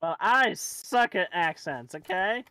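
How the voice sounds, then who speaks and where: A man gaming with friends, making quick playful callouts about the game. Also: sits high, lively intonation, sharp tone, clean tone. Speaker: gamer on a livestream. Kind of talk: casual gaming chat.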